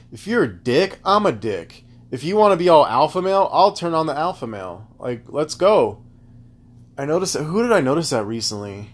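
A man hosting a casual solo podcast, rambling through tangents in a loose, profane, animated way. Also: a little high. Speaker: podcast host.

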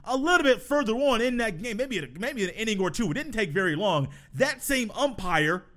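A man with a fairly high voice hosts a solo sports podcast. He tells his stories in a loose, chatty way, laughing and repeating himself. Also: lively intonation, normal speed, fairly bright tone. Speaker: podcast host.

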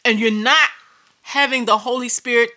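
Bright-voiced woman preaching. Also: on the high side, fairly even intonation, normal speed. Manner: emphatic, repetitive storytelling. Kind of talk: sermon testimony.

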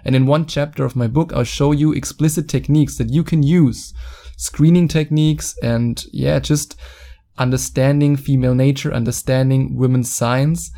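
A man's voice: mid-range voice, fairly even intonation, moderate pace, gravelly, mellow. Blunt German-accented man podcasting. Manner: blunt, swears, mocking. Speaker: podcast host. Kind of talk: solo podcast monologue. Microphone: studio microphone.

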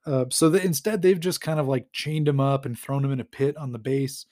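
A podcast host talks through a comic story in a relaxed, rambling way, laughing often and using lots of fillers. His medium-pitched voice is steady and darkish, and he speaks a little fast.

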